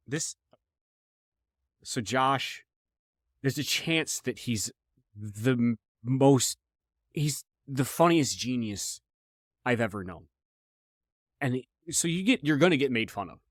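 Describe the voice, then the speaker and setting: A man's voice: mid-range voice, no echo, studio quality. A young man hosting a podcast, telling stories casually with a lot of swearing, repetition and restarts. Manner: profane, animated, repeats himself. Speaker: podcast host. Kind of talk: casual comedic storytelling.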